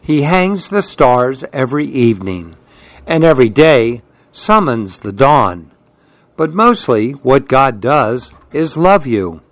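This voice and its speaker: Slow, calm man reading a storybook. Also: mid-range voice, no room sound. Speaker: storybook reader. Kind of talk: children's storybook read aloud.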